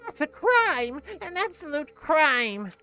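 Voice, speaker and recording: An excitable young man who is easily outraged, pitched well above the performer's own voice and booming out loudly. A man plays him in a game let's play. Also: slow, full character voice. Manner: raised, shouting outbursts.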